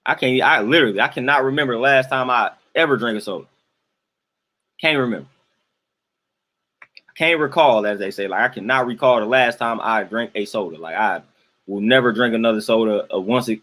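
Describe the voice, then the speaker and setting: This young streamer answers his chat in an exasperated, emphatic rant, repeating lines for effect. His mid-range voice is a bit bright and runs a little fast.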